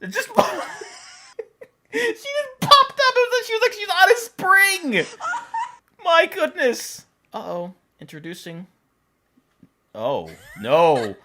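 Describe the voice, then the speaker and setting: A woman's voice: on the low side, very animated, slow, sharp tone, a little hiss or hum. A woman hosting a reaction video, exclaiming, cooing and laughing as she comments on funny animal clips. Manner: laughs often.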